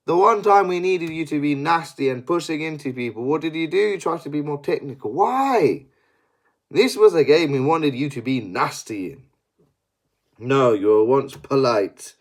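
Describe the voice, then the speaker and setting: A young man giving a sweary, exasperated post-match analysis as a football fan. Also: mid-range voice.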